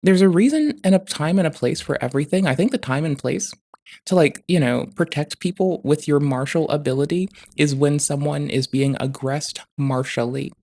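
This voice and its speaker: A live streamer ranting in commentary, talking quietly and quickly, with heavy swearing and rambling asides. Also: mid-range voice.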